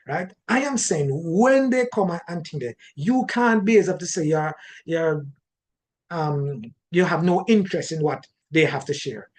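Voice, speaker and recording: A man with a Jamaican accent giving an animated teaching talk on marriage, often repeating words and restarting his sentences. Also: high voice. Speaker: relationship teacher.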